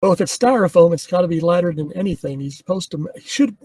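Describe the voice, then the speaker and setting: A man's voice: high voice, fast talker, darkish tone, breathy edge, dry recording. A man co-hosting a podcast, chatting casually and telling anecdotes. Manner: storytelling, anecdotal. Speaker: podcast co-host. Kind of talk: casual commentary with trivia anecdotes.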